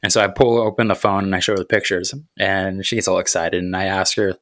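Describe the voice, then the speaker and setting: Guy in his 30s, lowish voice, earnest reflective storytelling, dry close sound. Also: little pitch movement, fairly bright tone, no echo. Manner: earnest, reflective, unhurried, with thoughtful pauses. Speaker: podcast host. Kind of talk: personal storytelling on faith and parenting.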